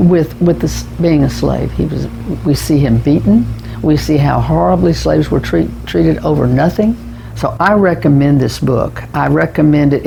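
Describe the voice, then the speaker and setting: Gravelly man giving a rambling book review. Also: on the high side, dark tone, slight background noise, low-quality recording. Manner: rambling, with restarts and repeated words. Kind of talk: casual spoken book review.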